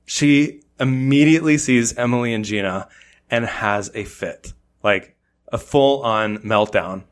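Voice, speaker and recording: A man, a podcast guest, telling a story in casual chat, animated and acting out what people said. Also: mid-range voice, unhurried. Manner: animated storyteller, acts out quotes.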